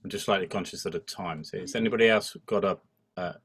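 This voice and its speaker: A man's voice: low-pitched, fast talker, slight background noise. A man hosting a casual church ministry discussion on a video call, chatty with playful asides. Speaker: host of an online church ministry session. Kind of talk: casual chat.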